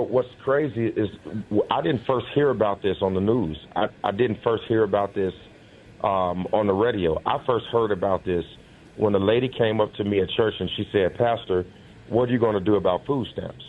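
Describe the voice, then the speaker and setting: A pastor calling in to a radio show, talking earnestly with many pauses and ums. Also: male voice, fairly low pitch. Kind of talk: casual phone-in chat. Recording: tinny phone line with faint noise.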